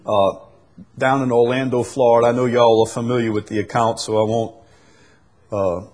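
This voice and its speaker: A man preaching a sermon, swinging from loud emphatic peaks to soft low drops and stretching key words. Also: level tone, normal speed.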